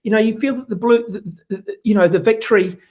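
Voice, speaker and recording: A man's voice: sits high, fast, a little mellow. A man, a rugby pundit ranting sarcastically and bluntly on a talk radio show.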